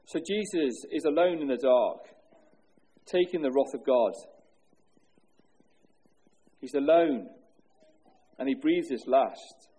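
A man preaching an earnest sermon as pastor, asking rhetorical questions and dropping low and slow on solemn words. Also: animated, warm tone, slightly rough.

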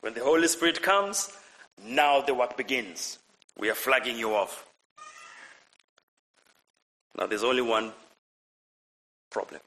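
A man preaching a lively sermon, asking the congregation questions and repeating his phrases. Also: medium pitch, moderate pace, pauses often, rough recording. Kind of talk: lively sermon with audience participation.

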